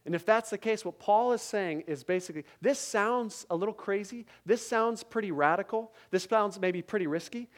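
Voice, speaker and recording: A man's voice: high voice, normal speed. A male pastor preaching a sermon at a church service, emphatic, with repeated phrases and rhetorical questions to the congregation.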